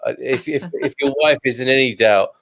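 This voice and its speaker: A man's voice: mid-range voice, brisk, gravelly, fairly bright tone. Chatty man in his forties. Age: 40s. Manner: chatty, joking, rambling asides. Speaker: wine club host. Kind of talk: casual online group chat.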